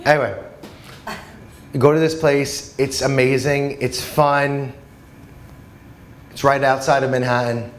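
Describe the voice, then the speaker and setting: A man from New Jersey performing a stand-up comedy set in a comedy club, animated and breaking into shouted, high-pitched quotes. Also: unhurried, long pauses, a little hiss or hum. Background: audience laughter.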